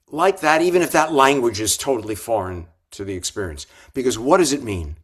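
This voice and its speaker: An older man, a rabbi and author, telling reflective stories with gentle humor in an interview. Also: mid-range voice. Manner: reflective, warm anecdotes with gentle humor and restarts. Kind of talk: storytelling in an interview.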